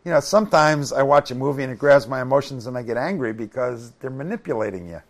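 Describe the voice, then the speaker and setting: A man's voice: mid-range voice, quick pace, few pauses. A man giving a Bible study sermon, reading scripture aloud and breaking off with folksy asides. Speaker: preacher.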